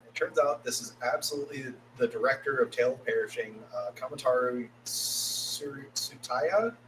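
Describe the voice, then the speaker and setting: This man co-hosts a podcast and walks his friends through an anime episode in a loose, profane way. He acts out the characters' quoted lines mid-story, at an everyday middle pitch, with a faint hum underneath. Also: normal speed, a bit bright, rough recording. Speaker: podcast co-host. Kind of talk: casual anime episode recap.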